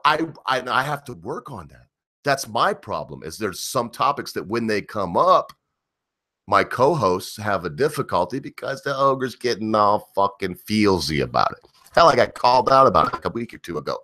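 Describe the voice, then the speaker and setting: A man's voice: mid-range voice, animated, moderate pace, pushed and bright, no room sound, clean studio sound. A middle-aged man hosting a livestream, ranting in a rambling, profane way with frequent chuckles. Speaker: livestream host.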